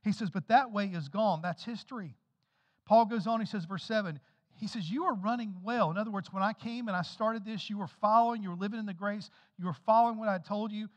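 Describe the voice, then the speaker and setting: A man's voice: high voice, fairly quick, big-room sound. A man preaching a sermon as pastor, emphatic and conversational, with repeated phrases. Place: church sanctuary.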